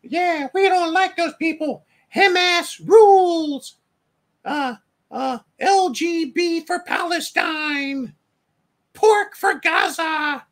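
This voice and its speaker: A man's voice: very high voice, slow, fairly bright tone, pitched above the performer's own voice, full character voice. A man putting on a mocking voice of a whiny adult male protester, exaggerated and sing-song.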